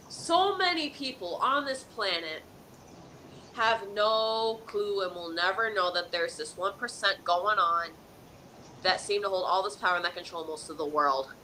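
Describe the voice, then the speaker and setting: A woman's voice: lowish voice, pushed and bright, a little hiss or hum, low-quality recording. A woman hosting a live psychic advice stream, talking in an emphatic, preachy way and often checking in with "okay?". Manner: dramatic countdowns and pep-talk repetition.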